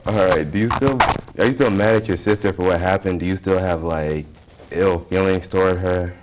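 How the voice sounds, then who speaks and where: A man hosting an interview, giving a measured, dramatic intro and asking simple questions. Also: deep voice, heavy background noise. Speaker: host.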